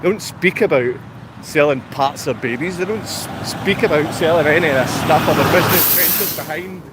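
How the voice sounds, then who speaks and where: A Scottish man with a Glaswegian accent, rambling to his viewers on a walk-and-talk vlog, chatty and quick to laugh. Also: a little high. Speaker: vlogger. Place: outdoors on a town street with traffic. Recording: street traffic noise behind.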